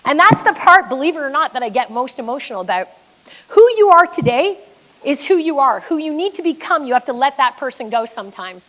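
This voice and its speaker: A high-pitched woman from Canada delivering a motivational keynote. She tells her story emphatically and bluntly, with the occasional curse, in the voice of a business coach. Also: very animated, fairly quick, fairly bright tone, low-quality recording.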